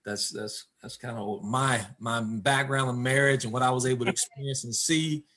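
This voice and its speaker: A man who coaches, speaking as an interview guest about his marriage, halting and repeating words as he searches for his thoughts. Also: medium pitch, fairly even intonation, fairly bright tone. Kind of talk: candid conversation about marriage.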